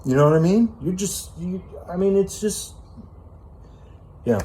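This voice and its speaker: A man's voice: sits high, animated, a little slow, dark tone, slight background noise. A man giving an unscripted self-help monologue, ranting with emphatic profanity and casual fillers like "man" and "you know.".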